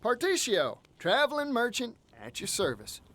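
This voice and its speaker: An actor voicing a cheerful, folksy traveling merchant with a Southern American accent in a video game. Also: male voice, very high voice, wildly swooping pitch, moderate pace, bright, forceful tone, a little hiss or hum, heavily acted. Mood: upbeat. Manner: folksy, eager and friendly. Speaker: game character.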